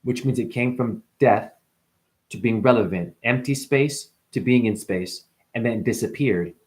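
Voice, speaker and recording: This man addresses the camera as a self-appointed spiritual guru, rambling and boastful, lurching from shouted bursts to quiet muttering. His voice is mid-pitched and he talks a bit slowly.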